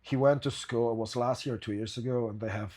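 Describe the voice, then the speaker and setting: A man's voice: mid-range voice, fairly even intonation, a little fast, darkish tone. A man hosting a podcast, telling swearing, laughing anecdotes in casual chat. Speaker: podcast host.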